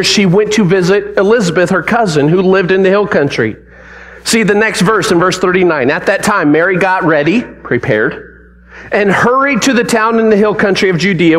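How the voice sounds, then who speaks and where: A man's voice: high voice, a bit bright. A man preaching a sermon, telling the story dramatically and leading the congregation in call-and-response.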